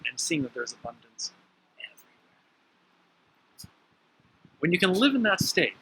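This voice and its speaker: A man telling stories in a motivational talk about the mind, emphatic, with sudden lively jumps in pitch. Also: a little hiss or hum, rough recording. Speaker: spiritual teacher.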